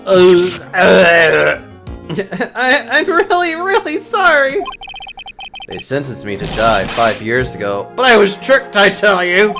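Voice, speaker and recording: A streamer voicing a frantic male convict who pleads his innocence, in a bad put-on Cockney accent and a loud, stammering, pleading manner. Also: medium pitch, wildly swooping pitch, slow pace, pitched above the performer's own voice, full character voice. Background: game music.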